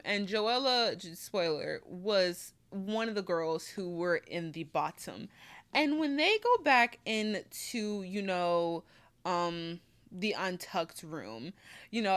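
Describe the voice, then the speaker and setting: A woman's voice: mid-range voice, fairly bright tone. A woman giving casual review commentary on a TV show, emphatic and repetitive, with lots of "like" fillers.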